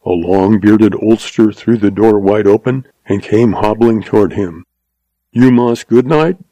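Low, mellow male narrator. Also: steady tone, measured pace, no echo, lo-fi sound. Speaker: audiobook narrator. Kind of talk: scripted narration of a western novel.

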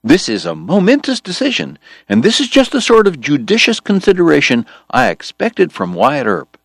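A man voicing an earnest, smooth-talking male political organizer who talks eagerly and persuasively. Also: mid-range voice, big pitch swings, normal speed, dry recording, studio quality, pitched above the performer's own voice. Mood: coaxing. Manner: eager, persuasive, bright-toned.

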